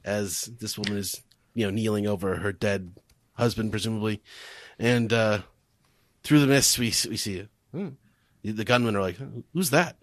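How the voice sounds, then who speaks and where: A man's voice: fairly low pitch, steady tone, moderate pace, pauses often, no echo. A man co-hosting a podcast, animatedly recapping a comic chapter in casual chat and laughing often.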